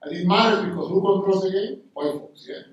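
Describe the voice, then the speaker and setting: A man's voice: sits high, a little fast, dull audio. A man answering as a panelist at a university talk, explaining his points and often checking in with a questioning "yeah?". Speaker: panelist scholar. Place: lecture hall. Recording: echoey hall, mic far off.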